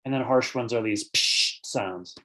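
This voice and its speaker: Male presenter, mid-pitched voice, explanatory lecture style with filler words, answers questions from an online audience. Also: measured pace, heavy background noise. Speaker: birding author and presenter.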